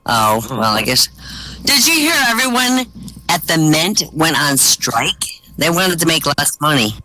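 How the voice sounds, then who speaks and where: A man doing stand-up, telling one-liners and short jokes with deadpan punchlines over voice chat. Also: a little high, measured pace, low-quality recording. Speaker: stand-up comic. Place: virtual-world comedy venue, voice chat.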